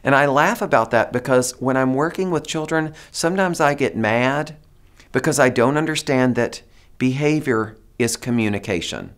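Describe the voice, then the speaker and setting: Male teacher trainer, mid-pitch, lively and demonstrative, coaching a room. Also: moderate pace. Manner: animated, demonstrative, coaxes audience to repeat phrases. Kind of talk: presentation to teachers.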